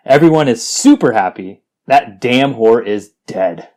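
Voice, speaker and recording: A podcast co-host from Las Vegas reads scripture aloud and mocks it with crude jokes, laughing often in an irreverent comedic style. His voice is mid-range and darkish in tone, with lively intonation, and he takes it slowly.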